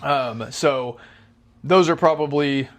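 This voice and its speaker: A man's voice: fairly high pitch, takes it slowly. A young man co-hosting a casual podcast, who explains things at length and hedges with fillers. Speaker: podcast co-host.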